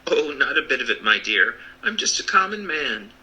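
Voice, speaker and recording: An American man voicing a meek little humbug wizard, talking in a quavering, hushed voice that often drops to a whisper. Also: medium pitch, very animated, moderate pace, poor audio. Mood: pleading.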